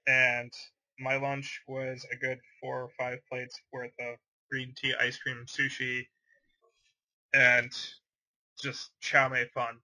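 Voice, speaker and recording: A man's voice: medium pitch, completely flat delivery, takes it slowly, bright, forceful tone, rough recording. A man co-hosting a casual podcast, rambling through his day and repeating words as he goes. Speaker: podcast co-host. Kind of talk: casual chat.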